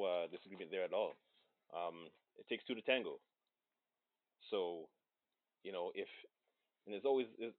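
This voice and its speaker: A man in a casual discussion, talking haltingly and repeating words as he thinks. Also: fairly low pitch, no echo. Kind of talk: casual chat. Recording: dry tinny phone-like line.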